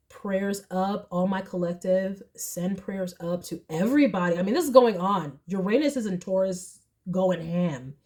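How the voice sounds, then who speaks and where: A young woman giving a casual tarot reading to camera, emotional and chatty, turning tearful, her voice swinging from soft and low to high and loud. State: tearful, crying at times. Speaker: tarot reader.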